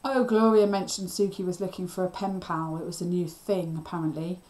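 A woman voicing a brisk, dismissive grown woman while reading a children's novel aloud. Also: fairly low pitch, steady tone, darkish tone, natural voice, rough recording. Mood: breezy. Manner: breezy and dismissive.

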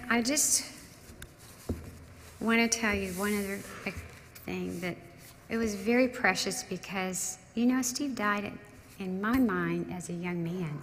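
An older woman speaks at a memorial service, telling stories of her late husband with emotional restarts and trailing phrases. Her voice carries a gravelly edge at a middle pitch. The sound rings with the long reverb of a large church sanctuary over a faint background hum. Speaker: widow giving a memorial tribute. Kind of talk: memorial tribute speech.

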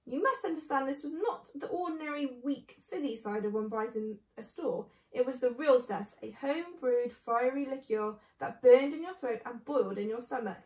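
A woman reading a children's book aloud in an expressive way. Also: sits high, moderate pace, hardly any pauses, roomy sound, far from the mic, poor audio. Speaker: storyteller.

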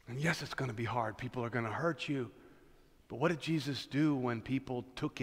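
A man preaching a sermon as pastor, dropping to a hush and then building to shouts, repeating his key phrases. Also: medium pitch, a little fast, breathy edge. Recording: long church reverb.

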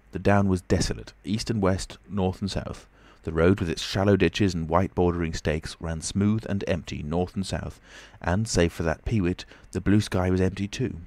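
A man narrating an audiobook of a classic novel in a measured, even reading. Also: low-pitched, gravelly, dry recording. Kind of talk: scripted narration.

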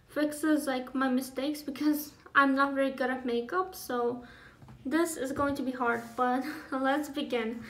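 A teenage girl with a high, bright-pitched voice chats through a casual makeup vlog. She rambles and keeps saying sorry. The sound from her phone has a roomy echo. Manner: chatty, rambling, apologetic. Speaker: beauty vlogger. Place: home, at a homework table. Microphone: phone camera.

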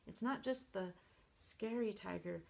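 A woman's voice: mid-range voice, a little slow, creaky, darkish tone. A woman college professor explaining a poem to viewers, speaking thoughtfully with frequent fillers and restarts.

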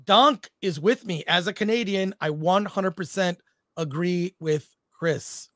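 A man's voice: high-pitched, a little slow, a bit bright, no echo, clean studio sound. A man co-hosting a film talk livestream, joking and reading viewer comments aloud. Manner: talkative, jokey, reads chat aloud. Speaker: co-host of a film talk show. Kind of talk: casual livestream chat.

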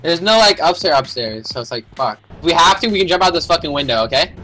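A young man commenting on his own game, excitable and profane, yelling in panic and trash-talking other players. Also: fairly high pitch, fast. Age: young adult. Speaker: gamer streaming a battle royale match. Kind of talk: casual gameplay commentary. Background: background music.

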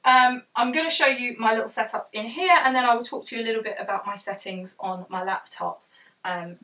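Southern English woman, young, quick and chatty how-to host, bright tone, a little off-mic in a home room. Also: medium pitch, far from the mic, poor audio. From south of England. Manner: fast, chatty, self-deprecating, laughs often. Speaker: audiobook author giving tutorial. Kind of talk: casual how-to vlog. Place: home room with fabric fort.

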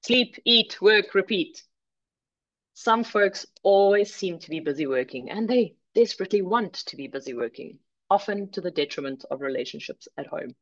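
A woman from South Africa presenting an online workshop, clear and measured with light humor. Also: mid-range voice, lively intonation, dull audio.

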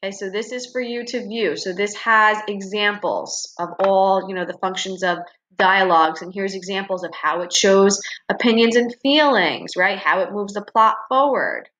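A woman's voice: medium pitch, moderate pace, fairly bright tone. A woman teacher walking students through their assignments in a recorded online class, explaining step by step and checking in with frequent "okay" and "right.".

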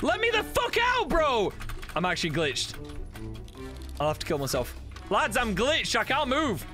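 Gamer host, male, high lively voice that leaps all over, taunting and yelling, drawn-out delivery, loud game music underneath. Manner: excitable, laughing, taunting and shouting. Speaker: gaming streamer. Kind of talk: casual gameplay banter.

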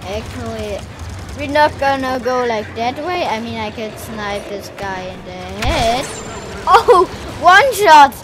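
Excitable high-voiced woman gaming. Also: a little slow. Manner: excitable, lots of exclamations and fillers. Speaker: gaming video host. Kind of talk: live gameplay commentary. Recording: game music clearly behind. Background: video game music and sounds.

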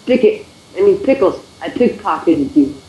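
A man with a fairly high voice chats while playing a game with friends, teasing them and repeating his words. The recording is roomy and echoey, with a faint hiss behind him. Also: animated, moderate pace, dark tone, muffled recording. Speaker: game player. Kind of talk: casual gaming chat. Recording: roomy echo.

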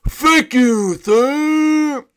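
A man voicing a blunt, offbeat female rag-doll princess in a flat, offhand way. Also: very high-pitched, very slow, pitched above the performer's own voice, exaggerated voice.

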